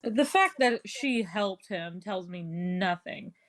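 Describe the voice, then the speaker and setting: A woman's voice: medium pitch, expressive, slow, pitched below the performer's own voice. Woman playing a brash swearing punk teen. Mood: combative. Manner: blunt, swears constantly, mocking. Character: brash foul-mouthed teen punk rocker girl. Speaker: player. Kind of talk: tabletop role-play, in character.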